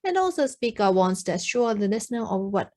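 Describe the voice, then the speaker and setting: A woman with a Japanese accent, a native Japanese speaker, tutoring beginners. She explains slowly in simple English with many ums and says phrases for learners to repeat. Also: mid-range voice, very animated, a little mellow. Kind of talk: online language lesson.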